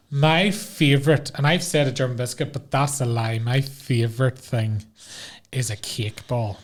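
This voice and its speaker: A man hosting a podcast in a casual, jokey, lively chat, quick to laugh. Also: mid-range voice. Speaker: podcast host.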